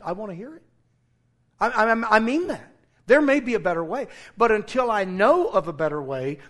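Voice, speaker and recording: A middle-aged male pastor preaching a sermon, quoting scripture and getting animated, nearly shouting when he retells his own confrontations. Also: high-pitched. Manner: animated, rising to near-shouting in retold confrontations.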